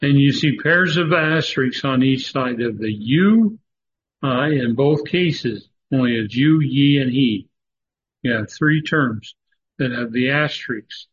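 A man teaching a Bible study lecture, halting often with fillers and stressing words for emphasis, on a dull lo-fi recording. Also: medium pitch. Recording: dull lo-fi recording with faint noise.

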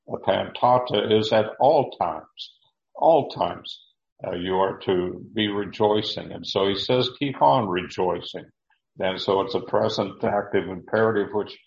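Low male Bible teacher, deliberate and halting, in a roomy, muffled recording. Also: gravelly. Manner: deliberate, with frequent fillers and repeated words.

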